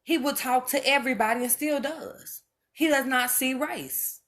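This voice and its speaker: A woman's voice: high-pitched, moderate pace, fairly bright tone. A mother speaking straight to her viewers in an impassioned monologue, emphatic and preachy, hammering home each point by repeating it.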